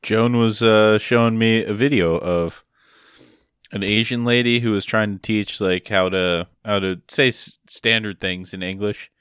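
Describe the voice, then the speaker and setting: A man co-hosting a podcast, chatting casually with laid-back, deadpan jokes. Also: on the low side, a little slow, clear, resonant tone, no room sound, studio quality. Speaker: podcast co-host. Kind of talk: casual chat.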